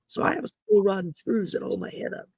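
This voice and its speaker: A woman hosting a casual livestream chat, her voice growly from damaged vocal cords, rambling and halting with many fillers. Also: darkish tone, no room sound. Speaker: host.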